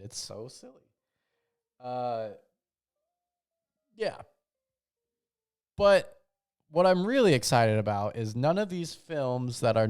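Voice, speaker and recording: Young man ranting casually, smooth voice. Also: lowish voice, darkish tone. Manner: rambling, slangy, trails off and restarts. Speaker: podcast host. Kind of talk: casual comedic rant.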